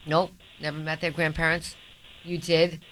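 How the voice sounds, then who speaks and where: A woman's voice: sits low, flat delivery, normal speed, fairly bright tone, slight background noise, poor audio. Middle-aged woman, radio host, earnest casual chat, restarts a lot. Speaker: radio talk show host.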